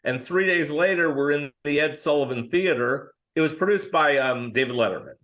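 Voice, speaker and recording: Middle-aged man telling animated stories. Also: on the high side, moderate pace. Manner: animated anecdotes, acting out other people's lines. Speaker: guest screenwriter. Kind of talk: casual podcast storytelling.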